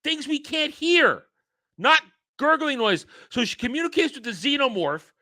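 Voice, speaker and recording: A man's voice: very high-pitched, very animated, moderate pace, pushed and bright, dry recording. A man reviewing a TV episode in casual commentary, ranting with exasperated sarcasm. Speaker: show reviewer.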